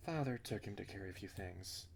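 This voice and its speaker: A man's voice: on the low side, animated, fairly quick, vocal fry, slight background noise. A man voicing a curt, guarded young woman who speaks in short, reserved replies. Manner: clipped and reserved.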